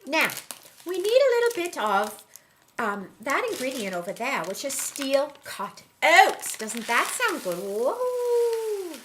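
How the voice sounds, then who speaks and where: A woman's voice: high voice, very animated, unhurried, fairly bright tone, a little hiss or hum. A woman clowning her way through a mock cooking demonstration, playful and teasing in a sing-song way. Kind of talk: mock cooking show comedy.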